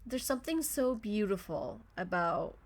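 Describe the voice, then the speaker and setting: A woman's voice: medium pitch, very animated, unhurried. Passionate, rambling woman podcaster. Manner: effusive, passionate, rambling with self-interruptions. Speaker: podcast host. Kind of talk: motivational solo podcast talk.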